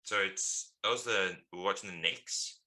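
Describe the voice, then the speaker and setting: Low deep guy with a punchy bright voice, rambly storyteller on a mates podcast. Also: moderate pace. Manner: rambling, laughing, full of ums. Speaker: podcast co-host. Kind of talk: casual storytelling chat.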